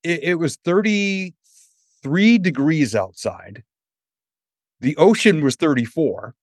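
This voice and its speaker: A man's voice: a little high, slow, no echo, studio quality. A middle-aged man from New Hampshire, a motivational speaker telling a story in a podcast interview and acting out the voices of people he quotes. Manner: animated storyteller who acts out quoted voices.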